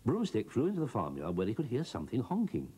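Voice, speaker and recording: A man giving a scripted children's storybook narration, expressive and bouncing between character voices. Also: mid-range voice, quick pace, husky.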